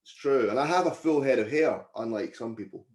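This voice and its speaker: A man's voice: medium pitch, animated, a little fast, darkish tone. A man hosting a casual podcast, teasing and joking with his co-hosts. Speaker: podcast host. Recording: echoey room.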